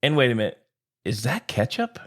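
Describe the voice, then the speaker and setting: Man, podcast co-host, lively swooping pitch, playful banter. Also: a little fast. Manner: joking, animated, playful exaggeration. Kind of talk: casual sports podcast banter.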